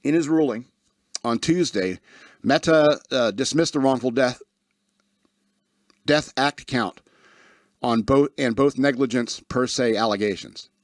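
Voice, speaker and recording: A talk radio host reads news stories aloud, stumbling over names and interrupting himself with sarcastic remarks in casual commentary. His medium-pitched voice moves at a measured pace with long pauses. The recording is close and dry with no echo.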